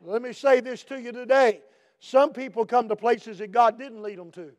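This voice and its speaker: A pastor with an unusually high voice delivers a sermon, driving his repeated refrains up into shouts and then easing back down. He is a middle-aged man preaching with fervent emphasis. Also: fairly even intonation, normal speed.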